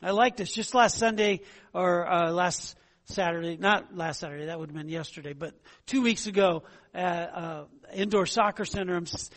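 A man's voice: high-pitched, normal speed, a bit bright. A man pastor preaching a conversational sermon, often asking "right?" and "okay?" to his congregation. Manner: conversational, rhetorical questions, frequent "right?".

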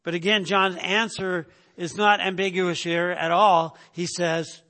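Bright-voiced preacher in an echoing hall. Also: male voice, high voice, little pitch movement, measured pace. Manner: conversational, repeats words and asks "right?" often. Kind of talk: sermon teaching.

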